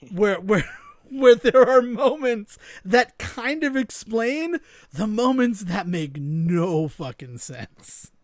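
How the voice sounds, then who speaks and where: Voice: medium pitch, no echo, clean studio sound. Wry co-host spinning mock theories. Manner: wry, spins mock theories, swears for emphasis. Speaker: podcast co-host. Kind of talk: casual film-review chat.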